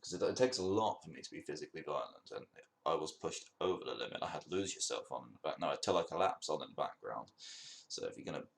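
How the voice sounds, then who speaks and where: A man's voice: very deep voice, expressive, fast, vocal fry. A young man hosting his own podcast, telling a long rambling story in a casual monologue, swearing and laughing at his own jokes. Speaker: podcast host.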